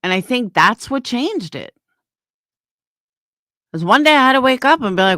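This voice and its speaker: A middle-aged woman vents straight to camera in a blunt, profane rant. Her voice is bright and swings widely in pitch. The sound is close and dry. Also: sing-song, moderate pace, dry recording. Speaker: YouTuber and small business owner. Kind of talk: ranting to camera.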